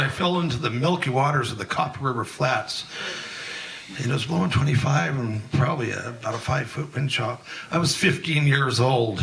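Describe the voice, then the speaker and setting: A man's voice: mid-range voice, gravelly, sharp tone, distant mic, low-quality recording. A man in his sixties telling a rambling, folksy personal story at an open mic, full of fillers and restarts. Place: live event in a museum hall.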